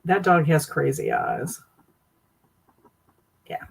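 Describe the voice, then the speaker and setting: A woman's voice: sits low, lively intonation, slow, gravelly, slightly rough, low-quality recording. A woman hosting a casual livestream, reacting with amused, laughing commentary. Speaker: livestream host.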